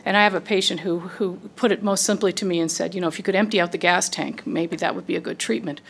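Female doctor, gravelly texture, searching interview answer. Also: lowish voice, fairly even intonation, quick pace. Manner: searching, restarts phrases.

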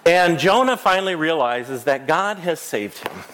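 A playful pastor leading a children's story time in a church, his voice pitched a touch high as he coaches the kids through acting out each scene. he gives quick directions and asks them questions. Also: animated, fairly bright tone, poor audio. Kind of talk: children's sermon, interactive storytelling. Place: church sanctuary.

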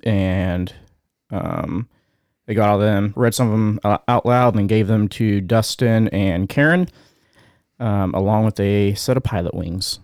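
A man co-hosting a podcast, reading out a news story in a casual, halting way, often pausing with fillers and getting choked up. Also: lowish voice, darkish tone, no echo, studio quality. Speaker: podcast co-host.

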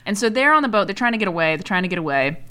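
A woman in her twenties casually recapping a movie as a podcast co-host, animated and swearing freely. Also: medium pitch, very fast, clear, resonant tone. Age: 20s.

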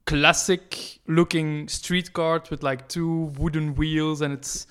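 A man's voice: fairly high pitch, flat delivery, slow, fairly bright tone, smooth. A man, a podcast co-host chatting casually, hesitant with many fillers and restarts. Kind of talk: casual chat.

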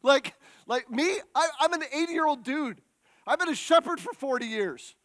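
Man doing a doubtful old shepherd, incredulous, halting, high bright voice. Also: animated. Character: flustered old shepherd Moses, male, doubtful.

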